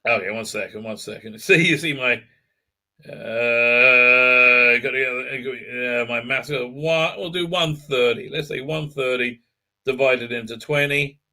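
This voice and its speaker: A middle-aged man hosting a casual livestream, reading chat aloud, rambling and excitable with many fillers and frequent laughs. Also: medium pitch.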